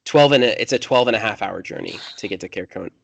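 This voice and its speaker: Low-voiced man running the game. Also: fast talker, vocal fry, no echo. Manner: casual, self-correcting. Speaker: game master.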